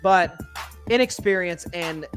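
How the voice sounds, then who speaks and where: A man's voice: high-pitched, fairly bright tone, faint music behind. A man hosting a solo sports talk podcast, speaking in an opinionated, candid way, addressing his listeners directly and correcting himself as he goes. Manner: opinionated and candid, talks straight to listeners as folks; conversational with quick self-corrections.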